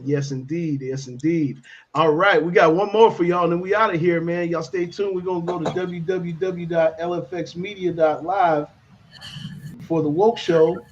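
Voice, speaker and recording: In dull lo-fi stream audio with a little hiss or hum, a radio host leads a laid-back morning talk show, repeatedly saying "you know what I'm saying". He speaks at normal speed in a fairly high voice with fairly even intonation.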